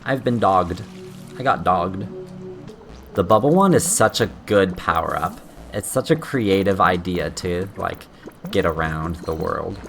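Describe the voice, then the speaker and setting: Low-voiced man cursing through a game. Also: measured pace, gravelly, fairly bright tone, soft background music. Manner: thinking aloud, frequent swearing and restarts, yelps at mistakes. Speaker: streamer playing a game blind. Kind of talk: casual gameplay commentary.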